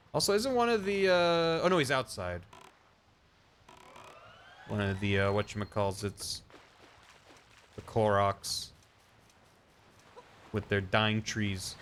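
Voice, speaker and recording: A man's voice: medium pitch, fairly bright tone, slight background noise. A man streaming a video game, rambling and joking about what happens on screen. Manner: rambling and jokey, riffing on the game. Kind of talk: casual gameplay commentary.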